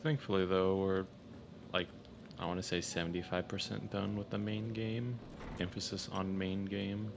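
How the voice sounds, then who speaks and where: Male streamer, deep gravelly voice, loud joking commentary. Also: little pitch movement, moderate pace, background noise. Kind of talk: casual commentary over gameplay.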